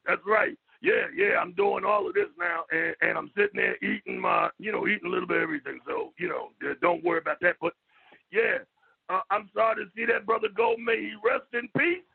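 High raspy guy on a tinny phone line, stammers and cusses a lot. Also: expressive, a little fast. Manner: profane, repetitive, stammering, shouts at times. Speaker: call-in guest. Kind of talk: loud rambling radio talk.

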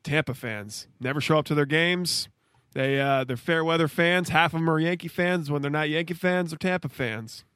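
A man's voice: a little high, moderate pace, a bit bright, smooth, no echo, studio quality. A man co-hosting a casual sports podcast who jokes and teases, laughing often. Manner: joking, laughs often, teasing. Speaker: podcast co-host.

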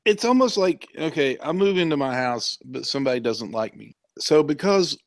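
A man's voice: a little high, animated, normal speed, no room sound. A man co-hosting a comic book podcast, rambling through stories with plenty of fillers. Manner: rambling, many fillers, storytelling. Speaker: podcast co-host.

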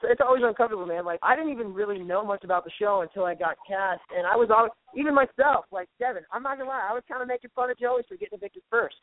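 A man talks fast and loose on a call, his voice sitting a bit high for a man. Slang like bro and dude runs through everything he says. The sound is thin and phone-like, with no room around it. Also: dry recording. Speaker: guest caller. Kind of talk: casual chat. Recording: dry tinny phone line.

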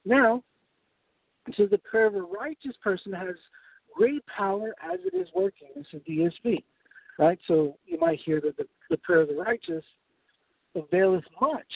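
A man's voice: high voice, gravelly, breathy edge, no room sound. A man preaching a Bible study sermon, explaining scripture step by step and often checking in with his listeners. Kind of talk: sermon-style Bible teaching. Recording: tinny phone-like sound, dry.

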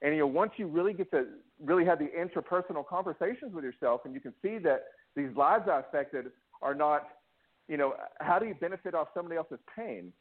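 A man speaks over a tinny, phone-like line, his voice sitting a little high for a man. His pitch swings widely as he tells a candid personal story. He stops and restarts often, and he acts out the lines of the people in it. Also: animated, brisk. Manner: emotional, restless, many restarts and acted-out quotes. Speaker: interview guest.

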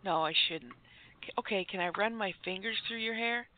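A woman's voice: mid-range voice, moderate pace. A woman hosting a comic radio segment, gushing and giddy like a starstruck fan. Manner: gushing, giddy, breathless fangirl. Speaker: comedy segment host. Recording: phone-like narrow sound.

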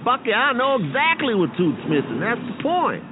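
A man doing a grumpy high-voiced garage boss. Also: wildly swooping pitch, moderate pace, background noise, exaggerated voice. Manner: gruff, impatient, rarely smiles. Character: grumpy middle-aged male garage boss. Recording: tinny lo-fi radio recording.

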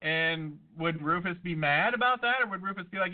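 Brief: high-pitched male co-host, argumentative and jokey, swears freely, thin phone-line sound. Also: lively intonation, brisk, few pauses. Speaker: podcast co-host. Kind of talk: casual profane chat.

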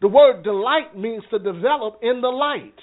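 A man's voice: very high-pitched, lively intonation, moderate pace. A man leading a church teaching session in a conversational way, often checking in with his listeners and repeating words as he goes. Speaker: minister teaching a Bible class. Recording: phone-like narrow sound.

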